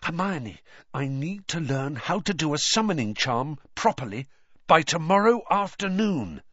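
A man's voice: sing-song, unhurried, dry recording, lo-fi sound, heavily acted. A man voicing an earnest, anxious teenage schoolboy wizard in a raised voice. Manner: raised pitch, sharp and anxious.

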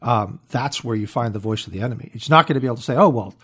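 A man's voice: mid-range voice, racing, bright, forceful tone, husky. A man in casual conversation about faith, reflective with joking asides. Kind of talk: casual Bible discussion.

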